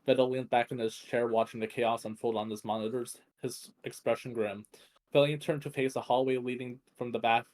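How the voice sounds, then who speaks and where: A man's voice: mid-range voice, darkish tone. A man reading fan fiction aloud, with a strained voice, often stumbling and correcting himself. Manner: stumbling, frequent restarts and self-corrections. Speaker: fanfic reader.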